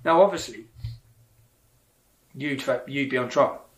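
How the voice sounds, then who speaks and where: Interviewer, man, mid pitch, pointed and brisk with his prompts. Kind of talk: casual interview.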